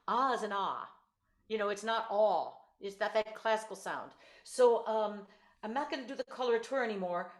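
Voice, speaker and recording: A woman voice teacher coaching a student over a video call, giving quick praise and clear instructions. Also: fairly high pitch, roomy sound. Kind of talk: virtual one-on-one singing lesson.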